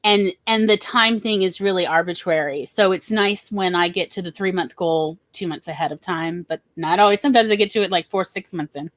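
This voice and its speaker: A woman's voice: on the low side, brisk, hardly any pauses, a bit bright, no echo. A woman with a Southern US accent hosting a casual livestream chat, rambling and laughing easily. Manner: chatty, rambling, laughs often. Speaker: host.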